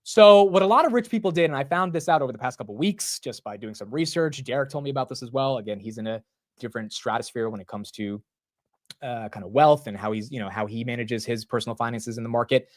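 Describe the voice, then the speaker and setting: A man in his twenties hosting a casual live market stream, rambling and excitable, often saying bro and dude. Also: medium pitch, fast talker, dry recording. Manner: rambling with frequent restarts. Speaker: stock market livestream host.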